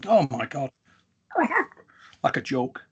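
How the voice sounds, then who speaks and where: Chatty host. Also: male voice, medium pitch, big pitch swings, slow, slightly rough, highs cut off. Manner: chatty storyteller with fillers. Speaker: interviewer, host. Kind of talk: casual chat.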